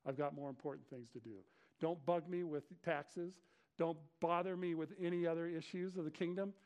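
A man's voice: a little high, steady tone, moderate pace, darkish tone, natural voice. A man voicing an ancient king in a sermon retelling, commanding and then giddy. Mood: stern. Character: ancient male king, anxious then overjoyed.

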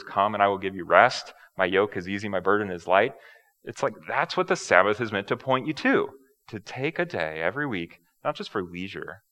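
Low, bright-toned male pastor preaching. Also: poor audio. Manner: conversational preaching with repeated words and asides. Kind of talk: sermon. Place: church sanctuary.

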